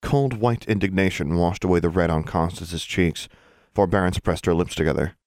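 A man narrating an audiobook in a steady, measured reading voice. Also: deep voice, dry recording, clean studio sound.

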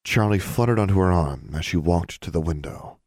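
A man narrating an audiobook in an even, measured way. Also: low-pitched, no room sound, studio quality.

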